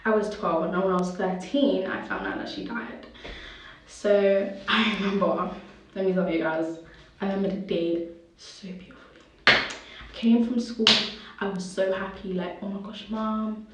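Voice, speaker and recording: A young woman, telling a personal story haltingly and with emotion, her speech full of "like". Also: medium pitch, recorded from a distance, background noise. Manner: halting, heavy use of "like", emotional. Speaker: vlogger. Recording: very echoey room, voice off the mic.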